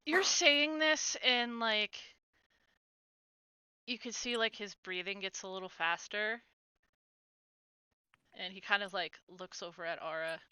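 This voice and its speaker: Woman game master, slow narration, smooth voice, slightly muffled sound. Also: mid-range voice, bright, forceful tone, dry recording. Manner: describes slowly with many fillers.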